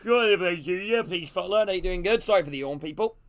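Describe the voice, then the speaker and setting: A man streaming a live football watch-along, calling the play and greeting his chat in a casual, excitable way. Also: high voice, quick pace. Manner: casual, greets chat between plays, gets loud and excited on attacks.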